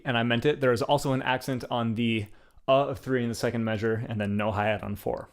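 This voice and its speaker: A man's voice: mid-range voice, quick pace. Laid-back young man teaching drums. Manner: relaxed, enthusiastic, uses "like" and "um" often. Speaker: drum teacher. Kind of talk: casual instructional explanation.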